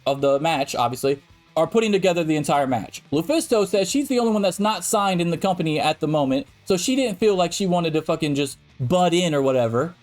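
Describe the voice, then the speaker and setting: High-pitched male podcast co-host, heated, cursing ranter, emphatic delivery. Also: lively intonation, a little fast, darkish tone, faint music behind. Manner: ranting, profane, emphatic. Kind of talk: heated debate.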